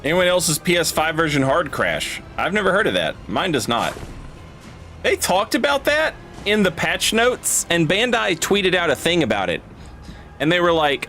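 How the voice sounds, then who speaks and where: Animated male game streamer chatting. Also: high-pitched, normal speed, faint music behind. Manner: rambling, stammering, swearing, reading chat aloud. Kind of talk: casual live-stream chat.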